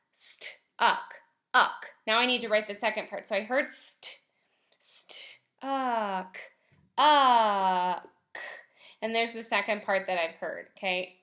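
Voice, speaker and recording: A woman gives a recorded lesson to first graders in a bright, slightly high voice. She speaks gently and encouragingly. She slows down and stretches words out so young children can hear each sound.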